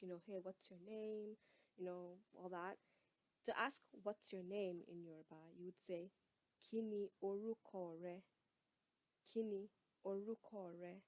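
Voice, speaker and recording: Woman teacher, patient and friendly, repeats words slowly, dry close mic. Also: mid-range voice, no echo. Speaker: language teacher. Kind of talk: casual spoken lesson.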